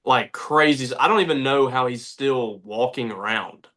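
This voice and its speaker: A man with a Southern US accent co-hosting a casual sports chat podcast, animated and rambling as he tells stories. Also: medium pitch, normal speed. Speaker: podcast co-host. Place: radio studio.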